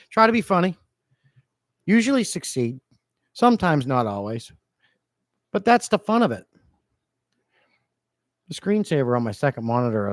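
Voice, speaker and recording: A man hosting a relaxed livestream from his home fish room, rambling and joking as he greets his chat. His voice sits at an ordinary middle pitch, close to the desk mic with a dry, dead sound and no room around it. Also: dry recording. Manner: playful, rambling, jokey with chat. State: a bit low-energy. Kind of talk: casual livestream chat reading comments.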